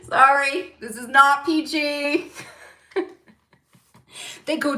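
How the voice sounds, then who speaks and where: Animated Jersey woman, high bright voice. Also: slow, long pauses, echoey room. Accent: New Jersey. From New Jersey. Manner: animated, laughs often, swears loudly. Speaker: psychic channel host. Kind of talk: casual monologue to viewers.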